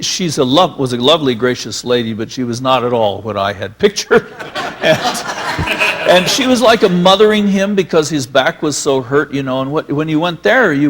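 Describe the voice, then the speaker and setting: A man's voice: fairly high pitch, a bit bright, a little hiss or hum. A man, a filmmaker guest, reminiscing onstage in a rambling, filler-laden storytelling way.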